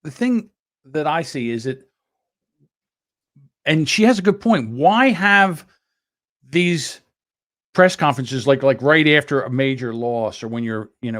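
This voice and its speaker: A man's voice: mid-range voice, fairly bright tone. A man hosting a podcast, giving blunt, rambling commentary in casual chat. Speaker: podcast host.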